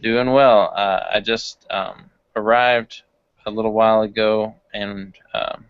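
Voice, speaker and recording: A man's voice: on the low side, flat delivery, slow, clean tone, dry recording. A man playing in a tabletop game, talking in an easygoing, hesitant way. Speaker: player. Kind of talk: casual game chat. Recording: dull dry lo-fi recording.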